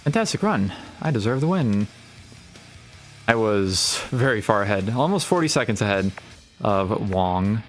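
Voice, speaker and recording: A man's voice: on the low side, big pitch swings, unhurried, pauses often. A man giving casual, rambling commentary on a game playthrough, thinking aloud with wry asides. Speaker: gaming channel host. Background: racing game sounds and music.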